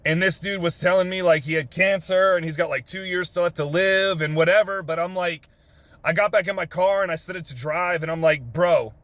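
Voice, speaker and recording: A man's voice: sits high, steady tone, a little fast, fairly bright tone. A young man from Texas with a drawl, earnestly telling an emotional story in his car, swearing casually with lots of fillers. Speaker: vlogger. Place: parked car.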